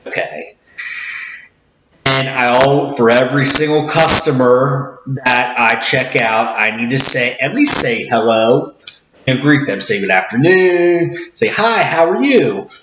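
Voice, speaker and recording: Loud-voiced rambling man in an echoey room. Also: medium pitch, a little slow. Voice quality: loud, projecting voice. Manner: rambling, with many restarts and acted greetings. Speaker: cashier. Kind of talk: casual vlog commentary. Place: indoor room, seated back from the camera. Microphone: camera mic at some distance. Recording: echoey room, dull lo-fi sound, faint noise.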